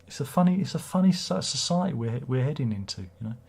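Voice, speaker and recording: A man's voice: medium pitch, animated, fast talker, gravelly, a little mellow, slightly rough. A man hosting a casual livestream, rambling and swearing as he reads viewer comments aloud. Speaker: livestream host.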